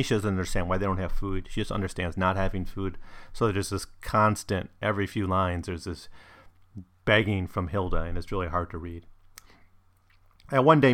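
A man talking through a novel chapter by chapter in a relaxed, conversational way. He pauses often with ums and restarts his sentences as he thinks. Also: lowish voice. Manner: thoughtful, with frequent ums and restarts. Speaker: book reviewer. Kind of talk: casual book discussion and reading aloud.

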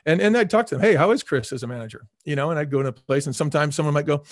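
Middle aged guy, quick talker, animated interview stories, does little voices for people, dry close mic. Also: on the high side, no echo. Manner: animated storyteller, acts out quoted voices, repeats words for emphasis. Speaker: former restaurant chain CEO, guest. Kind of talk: casual storytelling interview.

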